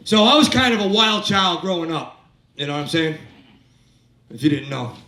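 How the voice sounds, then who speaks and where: A man's voice: on the high side, very animated, normal speed, pushed and bright. A man in his fifties doing a stand-up set in a comedy club, telling crude, rambling stories and working the crowd. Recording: echoey club, from a distance.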